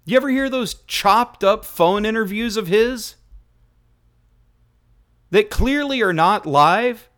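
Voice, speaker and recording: A man's voice: high voice, slow, long pauses, fairly bright tone. A man hosting a talk radio show, delivering a sarcastic, mocking rant. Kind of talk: opinion radio monologue.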